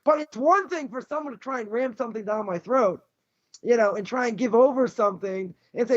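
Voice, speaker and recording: A rabbi giving a Torah lecture, blunt, combative and sarcastic. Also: male voice, very high voice, brisk. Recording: dull lo-fi recording.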